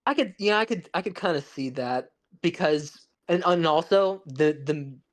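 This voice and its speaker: A man's voice: on the high side, lively intonation, normal speed. Guy on a podcast riffing about movies, rambly, stops and restarts a lot. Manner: rambling, restarts and fillers, analytical. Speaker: podcast co-host. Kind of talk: casual film discussion.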